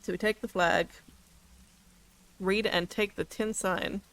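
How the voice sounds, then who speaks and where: A woman's voice: mid-range voice, fairly even intonation, slow pace, fairly bright tone. Giggly chatty woman streamer. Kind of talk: casual game commentary.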